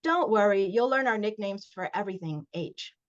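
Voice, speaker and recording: A woman's voice: mid-range voice, expressive, moderate pace, close to an everyday voice. Woman voicing a scornful bossy teenage boy, plain reading voice, dull lo-fi audio.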